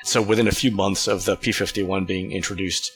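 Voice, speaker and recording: A man hosting a casual talk show, explaining things in a relaxed way with fillers and restarts. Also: low voice, a little fast, soft background music. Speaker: podcast host.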